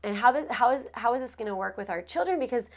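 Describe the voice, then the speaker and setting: A woman's voice: on the high side, expressive, fast talker. A woman co-hosting a candid conversation about her marriage, emotional and earnest, laughing often and losing her train of thought. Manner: rambling with frequent restarts. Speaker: co-host sharing marriage story. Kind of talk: candid casual chat.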